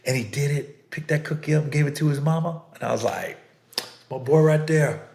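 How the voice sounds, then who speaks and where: A man's voice: fairly high pitch, fast talker, vocal fry, darkish tone. Chatty man with a roomy echo. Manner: conversational, repeats himself, earnest. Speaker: podcast host. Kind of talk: casual storytelling monologue.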